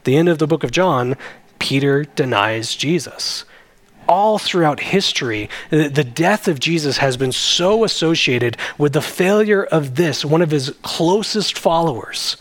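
A man, a pastor, preaching a sermon in an earnest, conversational way. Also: a little high.

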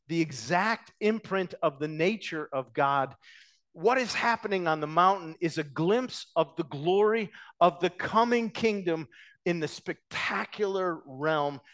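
Male pastor, fairly high voice; dynamic sermon delivery, builds loud then drops to a hush. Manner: dynamic preaching, rising loud then dropping to hushed.

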